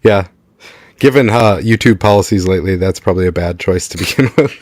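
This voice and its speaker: A man hosting a podcast interview, laid-back and a little halting, with fillers. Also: low voice, darkish tone, dry recording, studio quality. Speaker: podcast host.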